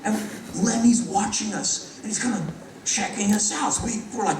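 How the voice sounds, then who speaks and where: A middle-aged man telling rapid, animated anecdotes on stage in front of a live audience, acting out other people's lines. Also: sits high, noisy background. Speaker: spoken-word performer. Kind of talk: live spoken-word storytelling. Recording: echoey hall, mic from a distance.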